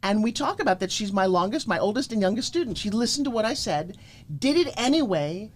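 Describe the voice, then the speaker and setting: A middle-aged woman from Florida, a guest pitch coach telling motivational stories emphatically and acting out quoted lines. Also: fairly quick. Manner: emphatic, animated, acts out quotes. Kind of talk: energetic motivational storytelling.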